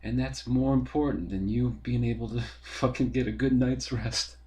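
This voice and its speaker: A man's voice: mid-range voice, fairly even intonation, normal speed, a little mellow, pitched above the performer's own voice, natural voice. A man putting on the voice of a whiny young neighbor who complains that his party was ruined, in an indignant, complaining tone. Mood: indignant whine.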